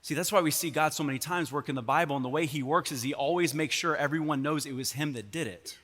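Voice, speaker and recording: A man's voice: a little high, fast talker, fairly bright tone. A man preaching a sermon as pastor, telling the story with sarcastic humor in a church. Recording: long church hall reverb.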